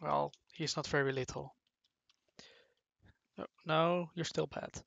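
A commentator drawing while talking, rambling along playfully and stopping often to restart. The pace is very slow and the voice has some gravel in it. The recording is dull and dry. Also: mid-range voice, steady tone, fairly bright tone, no echo.

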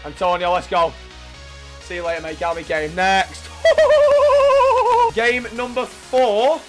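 A young man commentating his own football gameplay, swearing, shouting at opponents and ranting in frustration. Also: sits high, unhurried, over loud music. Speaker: gaming YouTuber.

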